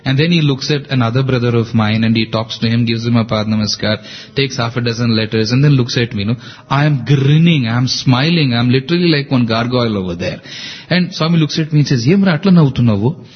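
A man, telling an animated, personal story in conversation. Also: medium pitch, fast, breathy edge, muffled recording. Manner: animated, repeats himself. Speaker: guest speaker.

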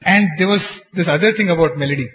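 A high-pitched man who talks fast delivers an earnest lesson on devotional singing to a group, chuckling as he shares anecdotes. Sound quality is dull, with the reverb of a large hall.

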